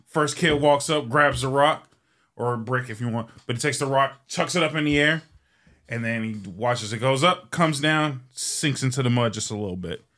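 A male host tells a long joke casually, in a bright, forward voice of middle pitch. He rambles and swears freely, and he fills his speech with ums and you-knows. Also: normal speed. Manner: rambling and profane, with frequent fillers. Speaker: show host.

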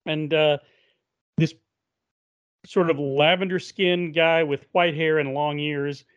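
A man's voice: fairly high pitch, flat delivery, takes it slowly, smooth. A man co-hosting a casual podcast, retelling a story with lots of "uh" and "he says", on a muffled recording. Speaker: podcast co-host. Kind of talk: casual recap chat.

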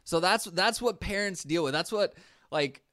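Podcast co-host, man, laid-back and teasing, slightly high voice, dry close mic. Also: moderate pace, sharp tone, no echo. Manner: easygoing, rambling, teasing. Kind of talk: casual sports chat.

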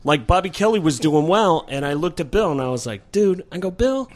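A comedian from Cleveland, a man, telling stories in profane, animated casual podcast chat. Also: on the high side, brisk. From Cleveland, Ohio. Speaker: comedian guest.

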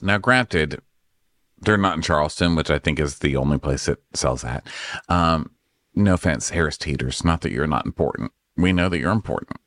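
A man riffing sarcastically through a comedy podcast recap, swearing freely as he talks. His voice sits low but swings widely in pitch. The sound is dry and close to the mic. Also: fairly bright tone, no echo. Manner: sarcastic, swears, mimics people in high voices. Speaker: podcast co-host.

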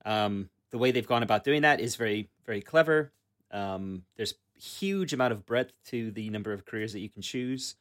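Speaking at a moderate pace in a lowish, slightly bright voice, a man chats casually as a tabletop gaming podcast co-host. He rambles, often restarting and filling gaps with filler words.

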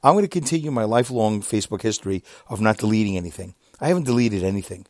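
A man in his fifties, a podcaster, telling a long casual story about an online argument, exasperated and animated, his voice often jumping up high. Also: very fast, no room sound, studio quality. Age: 50s. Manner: animated, exasperated, with sudden jumps up in pitch; reads out messages.

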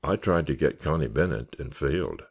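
A man's voice: extremely low pitch, lively intonation, normal speed, creaky, husky, full character voice. A man reading a genial scoutmaster orating. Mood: rousing. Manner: earnest, oratorical, rallying cheers. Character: genial male scoutmaster giving a rousing speech. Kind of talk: audiobook character reading.

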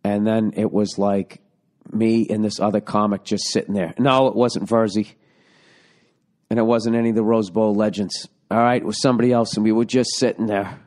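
A man's voice: on the low side, fairly even intonation, normal speed, darkish tone. A middle-aged man hosting his own podcast, rambling and sarcastic as he swears his way through a casual monologue, recorded at home. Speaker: podcast host.

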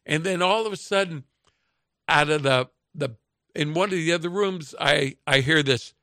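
Chuckling folksy radio host, gravelly and bright. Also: male voice, a little high, moderate pace, no room sound, studio quality. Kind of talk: casual storytelling chat.

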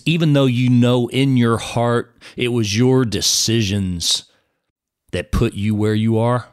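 A man's voice: medium pitch, fairly even intonation, unhurried, clear, resonant tone, no room sound, clean studio sound. A man giving an earnest personal testimony sermon, speaking straight to the listener and calling him brother.

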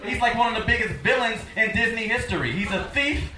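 A man's voice: high voice, fast talker, roomy sound, low-quality recording. A man doing a stand-up set in a comedy club, telling sarcastic stories. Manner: storytelling, sarcastic.

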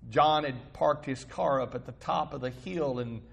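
A man's voice: medium pitch, normal speed, gravelly. A male pastor giving a sermon in a conversational, storytelling manner, asking the congregation rhetorical questions.

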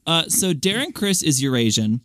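A young man with a fairly high voice chats playfully on a podcast, tossing off quick asides. The sound is dry and close, with no room around him. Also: big pitch swings, fairly bright tone, no echo. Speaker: podcast co-host. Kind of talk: casual chat.

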